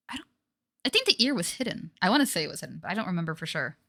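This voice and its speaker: Bright, chatty woman streamer. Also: lowish voice, racing, no room sound. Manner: chatty, excitable, thinking aloud. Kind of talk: casual game commentary.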